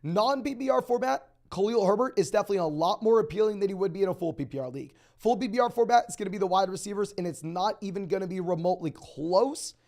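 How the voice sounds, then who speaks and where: A young man hosting a live stream, answering viewer questions in a rapid, auctioneer-like delivery. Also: sits high, darkish tone. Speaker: fantasy football host.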